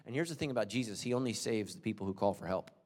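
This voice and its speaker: Pastor with animated sermon delivery. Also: male voice, lowish voice, racing. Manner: swings from loud shouting to quiet confession; humorous asides and acted-out quotes. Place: large church auditorium. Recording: long reverb of a large hall.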